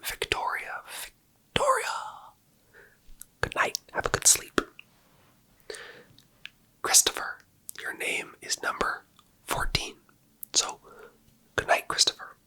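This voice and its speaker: A man doing an ASMR video, speaking in a slow, soft, playful whisper. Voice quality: breathy. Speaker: ASMR creator.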